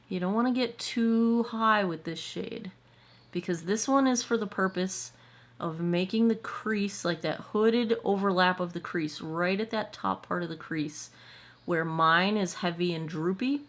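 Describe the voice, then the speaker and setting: Brief: woman, lowish voice, chatty tutorial host explaining as she works, asks viewers if it makes sense. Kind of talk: casual step-by-step tutorial.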